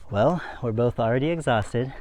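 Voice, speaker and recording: Riding a bike uphill outside, a man vlogs casually into a handheld phone camera, chatting, laughing, and short of breath. His mid-range voice is a little mellow at a moderate pace, with a little hiss or hum.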